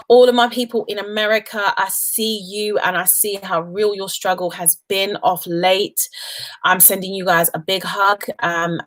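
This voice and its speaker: A British woman hosting a casual hair care livestream, chatting to viewers with many ums and warm affection toward her audience. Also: fairly low pitch. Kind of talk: casual live chat answering viewers. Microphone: webcam livestream.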